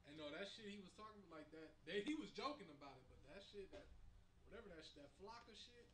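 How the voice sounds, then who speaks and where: Animated high-voiced male co-host. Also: fast talker, a little hiss or hum. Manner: animated storytelling, laughing. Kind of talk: casual group chat.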